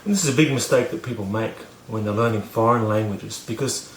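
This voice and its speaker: A man's voice: on the low side, a little fast, roomy sound, slight background noise. A man casually telling a story to camera, rambling with many fillers and restarts, poking fun at himself. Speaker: vlogger teaching about learning.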